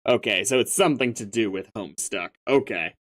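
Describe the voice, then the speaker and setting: A man's voice: fairly low pitch, a little fast, a bit bright. A man casually reading a webcomic aloud, reacting as he goes and stumbling over odd names. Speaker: reader.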